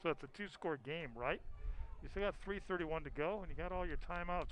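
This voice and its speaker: A man calling a high school football game with folksy, chatty commentary, full of fillers and self-deprecating asides. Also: a little fast, a little hiss or hum, poor audio. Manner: folksy, chatty, laughs at himself, lots of fillers. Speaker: play-by-play announcer.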